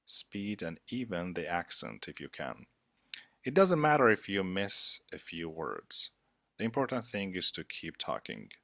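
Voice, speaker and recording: A man narrating a scripted English lesson as a teacher, with a measured, deliberate instructional delivery. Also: sits low, creaky, sharp tone, no echo.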